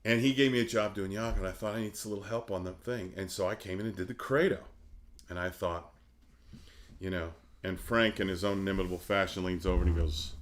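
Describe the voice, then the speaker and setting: A man's voice: on the low side, brisk. A middle-aged man, an opera singer, telling stories in a casual interview, acting out the voices of the people in them and laughing often. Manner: animated, acts out quoted voices, laughs often. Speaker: guest, opera baritone.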